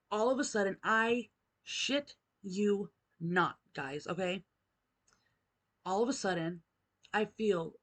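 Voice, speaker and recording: A middle-aged woman vlogger telling a personal ghost story, candid and emotional, swearing casually. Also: mid-range voice.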